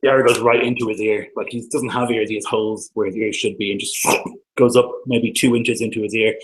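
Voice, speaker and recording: A man's voice: on the low side, steady tone, fairly quick, a little hiss or hum, poor audio. A man narrating as dungeon master of a tabletop game, loose and hesitant, full of ums and likes.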